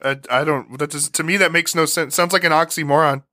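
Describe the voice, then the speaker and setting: A man's voice: a little high, fairly even intonation, a little fast, sharp tone, no echo, clean studio sound. A man co-hosting a casual true-crime podcast, talking loosely with lots of fillers, restarts and swearing. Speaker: podcast co-host.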